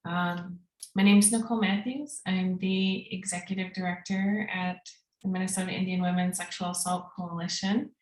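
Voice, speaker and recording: A woman's voice: lowish voice, flat delivery, moderate pace. Earnest woman panel lead, casual and searching, roomy video-call sound. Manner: earnest, frequent fillers and restarts. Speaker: executive director, panel opener.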